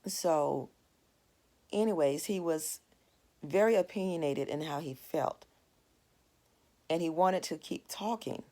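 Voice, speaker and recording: A woman's voice: deep voice, slow, pauses often, mellow. A woman in her forties teaching a devotional Bible lesson in a conversational, earnest way, telling a family story to make her point. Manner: earnest, storytelling with plain everyday asides.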